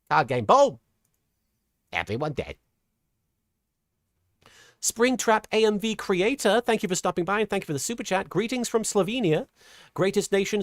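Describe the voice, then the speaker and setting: A middle-aged woman streamer chatting casually while reading super chats, earnest and halting, with a softened feminine voice. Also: medium pitch, no room sound, clean studio sound. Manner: earnest, halting with many restarts; voice softened toward a feminine sound. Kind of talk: casual livestream chat.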